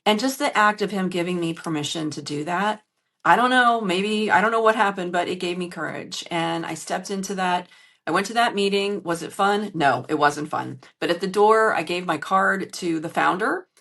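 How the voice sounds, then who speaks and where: A woman's voice: lowish voice, normal speed, fairly bright tone. A woman podcast host and business coach speaking earnestly and emotionally to her listeners, recorded on a phone in a hotel room. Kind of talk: candid solo podcast monologue.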